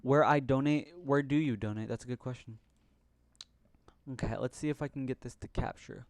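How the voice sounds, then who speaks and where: Young male streamer, casual and self-muttering, smooth clear voice, close dry desk mic. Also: mid-range voice, normal speed, no room sound. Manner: chatty, mutters to himself, jokey broken-English asides. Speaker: livestream host coding. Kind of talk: casual live coding stream.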